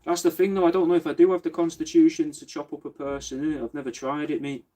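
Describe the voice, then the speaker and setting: A man's voice: on the high side, level tone, quick pace, mellow. A young man hosting a casual craft stream, joking and swearing freely in laid-back banter. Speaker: podcast host livestreaming crafts. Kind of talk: casual chat.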